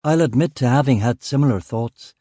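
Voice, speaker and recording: A man voicing a weary detective inspector in his late thirties, in his own mellow voice. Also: medium pitch, fairly quick, dry recording, studio quality, lightly acted. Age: 30s.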